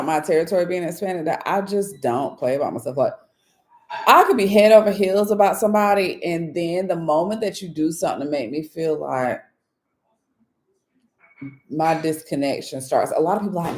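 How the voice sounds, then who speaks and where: A woman's voice: fairly low pitch, moderate pace, a little mellow. A woman hosting her channel, chatting casually and candidly with viewers, telling stories with frequent laughs and blunt, profane asides. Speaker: spiritual reader and channel host. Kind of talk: casual storytelling chat to viewers.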